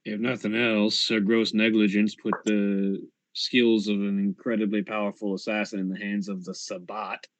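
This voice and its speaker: A man's voice: on the low side, little pitch movement, normal speed, hardly any pauses, no room sound. A man playing a tabletop role-play game, speaking bluntly and dryly in character. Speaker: player. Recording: dull lo-fi mic.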